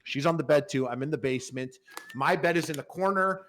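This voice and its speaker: A man's voice: on the high side, fairly quick, fairly bright tone, a little hiss or hum. A man telling a long, rambling story on a podcast in casual chat, swearing freely and full of fillers. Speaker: podcast panelist.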